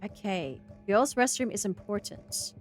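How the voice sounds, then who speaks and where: A young Australian woman streaming a horror game and chatting casually with her viewers. She is excitable, thinks out loud, and breaks into loud yelling and laughter. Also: mid-range voice, a little slow, soft background music. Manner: chatty, talks to chat and thinks aloud. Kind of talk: casual live-stream commentary.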